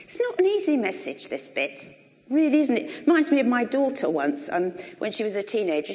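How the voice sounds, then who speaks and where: Animated woman preaching in a reverberant church. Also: fairly high pitch, a little fast. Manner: animated, conversational with wry humour. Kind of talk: sermon. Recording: long reverb of a large hall.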